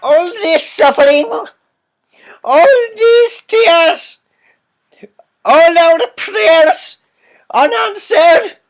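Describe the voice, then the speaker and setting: A player voicing a despairing sister in a game with a deliberately silly, wailing high voice. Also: full character voice, low-quality recording. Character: despairing nun-like sister, shrill and tearful. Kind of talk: reading game dialogue aloud.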